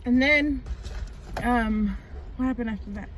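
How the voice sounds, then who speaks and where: A woman's voice: a little high, measured pace, a bit bright. Chatty young woman full of "like"s. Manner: chatty storyteller, many "like"s and "um"s. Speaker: vlogger. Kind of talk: casual chat. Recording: light background noise.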